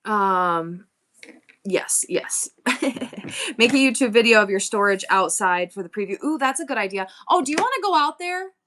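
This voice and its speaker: Bright-voiced, candid woman livestreaming. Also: medium pitch, animated, normal speed. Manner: candid, rambling, emotional talk with many restarts; blunt and swears freely. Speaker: livestream seller and host. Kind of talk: casual livestream chat.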